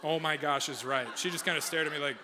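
A young male pastor giving a sermon, telling a funny personal story with animated, self-mocking humor before he prays. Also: on the high side, quick pace, in a large hall, background noise. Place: large church hall.

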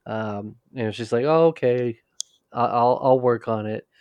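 This podcast co-host recaps a TV episode in a casual chat, rambling, restarting sentences and tossing in quick character quotes. His mid-range voice is smooth, dry and close, with no room sound and the highs cut off.

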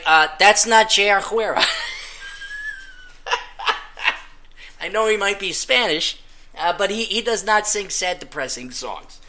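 A man with a high, sharp-toned voice hosts a podcast, ranting in a casual, sarcastic way. Now and then he breaks into mocking sung parodies.

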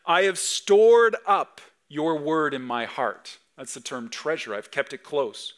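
A man in his thirties, a pastor preaching a sermon with emphatic swings between loud and soft. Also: a little high. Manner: acts out dad talking to his kids.

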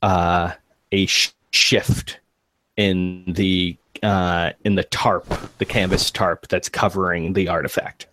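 A man's voice: sits low, flat delivery, takes it slowly, background noise. A man narrating as game master of a tabletop game, hesitant, with frequent fillers.

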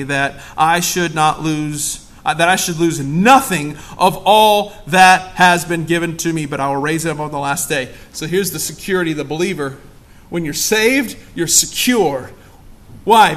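A pastor preaching a sermon, full of emphatic rhetorical questions. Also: male voice, high voice, fairly bright tone.

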